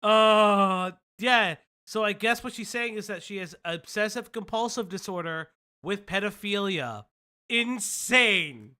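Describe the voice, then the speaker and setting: A man co-hosting a reaction stream, talking in a loose, animated way, often laughing and swearing. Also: sits high, unhurried, clean tone. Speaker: stream co-host reacting to a video. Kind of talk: casual reaction stream chat.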